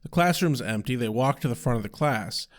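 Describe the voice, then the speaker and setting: Brief: male co-host, expressive swooping delivery, casually profane. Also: medium pitch, fairly quick. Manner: loose and profane, recaps scenes. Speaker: podcast co-host. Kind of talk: casual chat.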